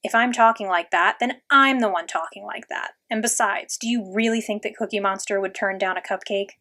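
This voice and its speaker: A woman's voice: mid-range voice, fairly quick, bright, forceful tone. A woman voicing a hyper, goofy schoolboy who rambles and argues insistently in a storybook reading.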